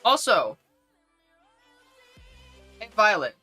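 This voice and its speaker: A young woman talks loosely to her live-stream viewers, greeting them by name and trading crude jokes. Her voice is bright and forward, and faint music plays in the background. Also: extremely low pitch, normal speed. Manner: chatty, greets viewers one by one, jokey and crude. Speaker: livestreamer. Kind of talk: casual live-stream chat.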